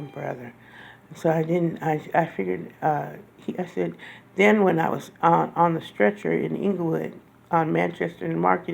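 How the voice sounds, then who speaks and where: A woman telling a personal story in a casual, rambling way, halting often and restarting her sentences. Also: lowish voice, gravelly, a little mellow. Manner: acts out quoted lines in a raised voice.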